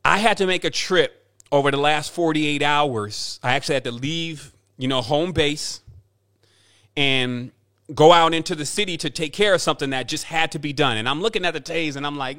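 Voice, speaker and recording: A man's voice: fairly high pitch, moderate pace, bright, forceful tone. A man giving a rambling spiritual monologue as a teacher, talking emphatically and repeating himself for effect.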